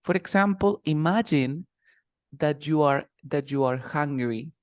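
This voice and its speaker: A man's voice: fairly high pitch, measured pace, dry recording, studio quality. A man teaching English one-to-one online, patiently repeating example phrases.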